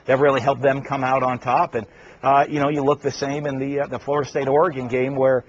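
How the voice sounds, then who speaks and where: A man who coaches college football giving an earnest radio interview, halting, with many fillers. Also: mid-range voice, little pitch movement, husky, muffled recording.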